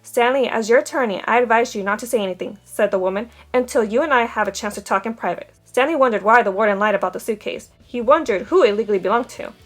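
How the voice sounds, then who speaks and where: A woman's voice: a little high, quick pace, hardly any pauses. A woman reading a novel aloud, giving the dialogue light character voices. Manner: steady storytelling with quoted dialogue. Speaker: audiobook reader.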